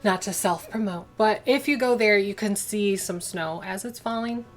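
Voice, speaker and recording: A woman's voice: mid-range voice, normal speed, soft background music. A young woman hosting a casual cooking livestream from her home kitchen, chatting and rambling as she answers viewers' chat. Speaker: livestream host.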